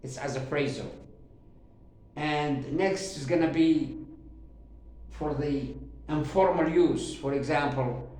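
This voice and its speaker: A man teaching a grammar lesson who talks haltingly with many fillers and repeats himself, drawing out his example sentences slowly. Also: on the high side, darkish tone. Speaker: English teacher. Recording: very echoey room.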